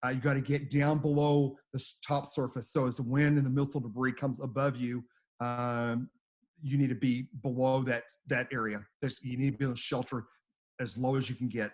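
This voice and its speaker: A middle-aged American storm chaser, appearing as an interview guest, rambles through animated stories, repeating words as he acts out quotes. His mid-range, darkish voice is brisk, with little pitch movement.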